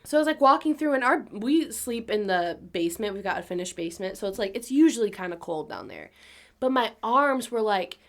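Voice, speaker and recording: A woman's voice: medium pitch, expressive, fairly quick, fairly bright tone. A young woman co-hosting a podcast, chatting casually, giggling often and swearing offhandedly. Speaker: podcast co-host. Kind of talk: casual chat.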